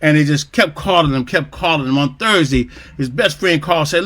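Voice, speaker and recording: A man hosting an interview, trading jokes with quick punchlines in a casual chat. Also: a little high, expressive, fairly bright tone. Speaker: host. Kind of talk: casual joke telling.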